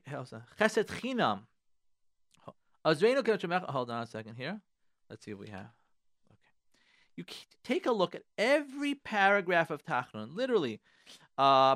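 A high, slightly bright male voice belongs to a radio host handing out relationship advice from the studio. He stresses his points forcefully, repeats key lines, and blends Hebrew prayer words with English.

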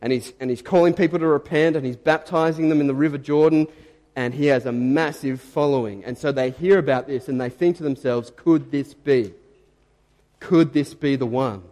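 Animated male preacher in a reverberant church. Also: on the high side, a little fast. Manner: animated storytelling, acting out quotes. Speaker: pastor. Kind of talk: sermon.

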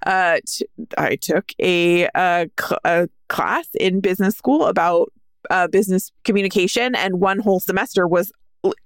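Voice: mid-range voice, moderate pace, no echo, clean studio sound. A middle-aged podcast co-host who speaks in a thoughtful, agreeable way and explains points with personal examples. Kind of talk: casual podcast discussion.

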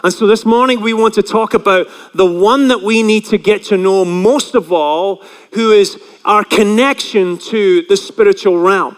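Give me a high-voiced male pastor who preaches casually and keeps asking the room questions. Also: normal speed, clean tone, in a large hall. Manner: chatty, asks the congregation questions. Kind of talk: sermon.

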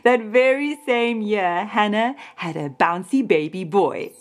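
A woman telling a Bible story to a child in a gentle, expressive manner. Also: medium pitch, a little slow.

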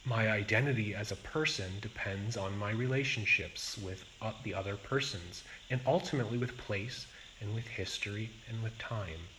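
A man as a Zen teacher giving a dharma talk, speaking in a slow and reflective way with pauses. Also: on the low side, a bit bright, slight background noise, rough recording.

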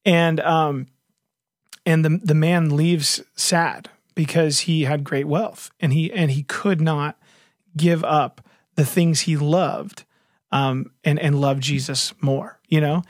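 A man's voice: fairly high pitch, slow, no echo. Earnest man with a dry close sound. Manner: earnest, animated storytelling with many fillers and restarts. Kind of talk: casual faith discussion.

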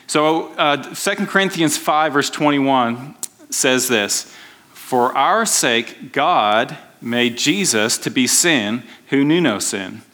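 Bright-voiced man preaching conversationally. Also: mid-range voice, animated, slow pace. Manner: conversational preaching with frequent restarts. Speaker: pastor. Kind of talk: sermon.

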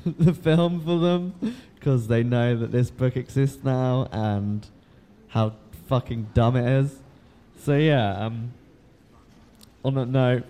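A man's voice: mid-range voice, warm tone. A man hosting a podcast in casual chat, rambling with lots of ums, laughing and swearing as he goes. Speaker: podcast host.

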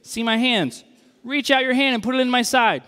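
A preacher playing a brash, casual teacher, high and loud, teasing his friend to act. The voice rings out in a long hall reverb. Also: moderate pace.

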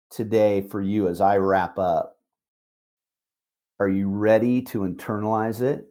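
A middle-aged managing broker delivers an emphatic pep talk over a call, repeating key phrases and stressing them slowly and deliberately. His voice is lowish and a little mellow.

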